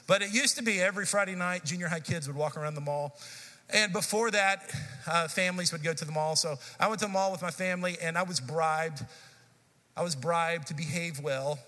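Bright-voiced storytelling pastor in a hall. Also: male voice, fairly high pitch, a little fast. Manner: conversational storytelling preacher, lively and animated. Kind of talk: sermon. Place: church sanctuary. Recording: church hall reverb.

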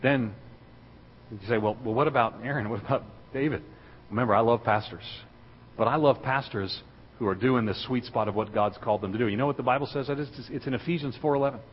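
A male guest preacher with a mid-range voice tells stories to a congregation and rises into loud, fervent preaching. His voice carries a long reverb from a large church hall. The recording is dull, with faint noise behind it. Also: medium pitch, fast. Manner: storytelling, building to loud excited preaching. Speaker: guest speaker. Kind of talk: sermon. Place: church sanctuary.

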